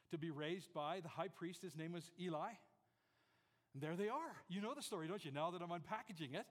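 Male pastor preaching, high voice, animated, loud then hushed, jokes with the room. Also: long reverb tail. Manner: jokes with the congregation. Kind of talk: sermon. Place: church before a congregation.

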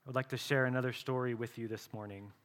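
A male pastor preaching a sermon earnestly, often dropping to a soft, slow voice for emphasis. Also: mid-range voice, fairly even intonation.

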